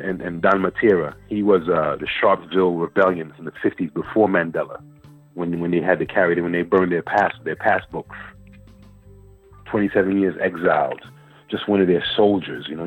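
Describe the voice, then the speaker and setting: A man, a guest poet telling a long story in an interview, animated and repeating words as he searches for them. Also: sits low, breathy edge. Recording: phone-line interview with faint music.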